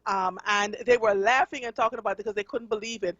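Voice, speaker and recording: A woman's voice: mid-range voice, fairly even intonation, fast talker, a bit bright, no echo, muffled recording. A woman with a Jamaican accent hosting a radio talk show, speaking earnestly and conversationally with frequent fillers.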